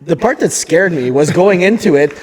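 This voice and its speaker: A man co-hosting a podcast, telling stories in an animated, casual way and swearing freely. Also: on the high side, moderate pace. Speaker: podcast co-host. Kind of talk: casual chat. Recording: long hall reverb.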